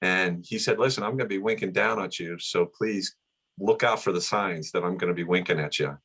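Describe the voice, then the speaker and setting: A man's voice: low voice, a little fast, a bit bright, husky. A middle-aged man being interviewed, reminiscing in a casual, rambling way with many restarts. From United States. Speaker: guest, son of the honoree.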